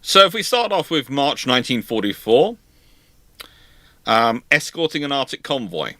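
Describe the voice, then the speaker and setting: A man hosts a live naval history stream, rambling animatedly through his notes and often breaking into laughter. His voice is bright and lively, with pitch that swings widely. The sound is dry and close. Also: normal speed, dry recording. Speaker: host.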